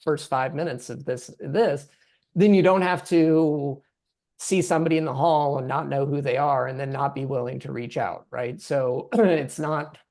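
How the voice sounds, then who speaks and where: A man's voice: mid-range voice, moderate pace, darkish tone. A man moderating an academic panel, talking conversationally with frequent restarts and "right?".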